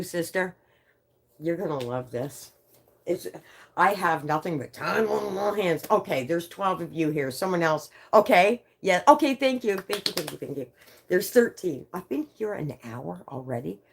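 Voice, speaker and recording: A woman in her fifties hosting a livestream, chatting with viewers in an animated way, swearing freely and reading out their comments. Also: lowish voice, normal speed. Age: 50s. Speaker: livestream host. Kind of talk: casual livestream chat with viewers.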